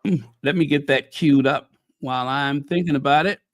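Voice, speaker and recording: A man hosting a casual livestream, excitable, greeting viewers by name and laughing often. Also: fairly high pitch, moderate pace, no room sound. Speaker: livestream host. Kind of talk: casual live-stream chat.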